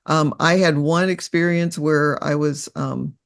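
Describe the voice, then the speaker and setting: An older woman, a guest in an interview, telling personal stories in an earnest, reflective, halting way. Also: sits low, steady tone, gravelly.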